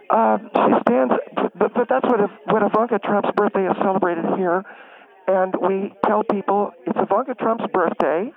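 A man's voice: high-pitched, voice pushed up. A man putting on a huffy older woman on the phone. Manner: huffy, insulting, talks over others. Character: prickly older woman homeowner, snippy and indignant. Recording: tinny phone line.

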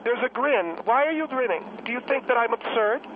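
A prim older lady , put on by a man, comes through a tinny phone line in a very high, strained voice. She scolds and fires off self-righteous questions as a talk radio guest. Her voice is thin and edgy. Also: lively intonation, brisk, a little hiss or hum. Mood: indignant. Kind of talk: comic talk-radio role-play.

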